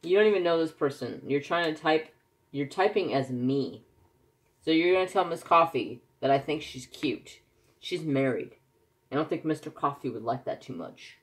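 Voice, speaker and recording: A man's voice: fairly high pitch, moderate pace. Chatty man telling stories while crafting. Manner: chatty storyteller, animated when telling anecdotes. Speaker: craft vlogger. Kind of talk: casual chat while crafting.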